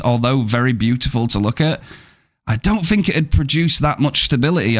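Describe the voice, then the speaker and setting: A man's voice: medium pitch, brisk. A man chatting casually with his viewers on a live game stream, upbeat and thankful as he answers the chat.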